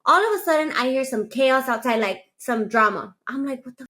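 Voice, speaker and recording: Young adult woman, slightly high voice, casual storytelling, animated, acts out quoted dialogue. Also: moderate pace. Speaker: storyteller in a played clip.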